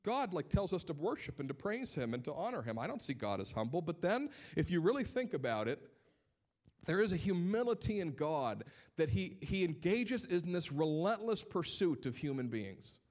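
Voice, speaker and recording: A male pastor preaching a sermon, telling stories in an animated way and repeating words as he builds his points. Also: on the high side, moderate pace.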